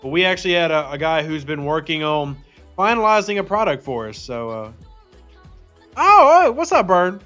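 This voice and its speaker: A man with a fairly high, animated, fairly bright voice hosts a live game stream, chatting quickly and upbeat as he greets viewers one at a time. The audio is slightly dull and lo-fi, with faint music playing underneath.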